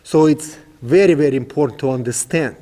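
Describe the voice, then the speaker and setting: A man teaching horsemanship while working a horse outdoors, explaining each step with steady repetition and phrasing. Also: mid-range voice, brisk, big-room sound, slight background noise. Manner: repetitive, instructive, non-native phrasing. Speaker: horsemanship trainer. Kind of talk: outdoor training demonstration.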